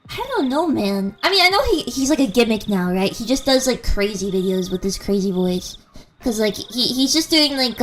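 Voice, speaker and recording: A woman's voice: mid-range voice, slight background noise. A woman streamer chatting casually, giggling often and rambling through restarts, on a handheld mic held close. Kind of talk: casual live-stream chat.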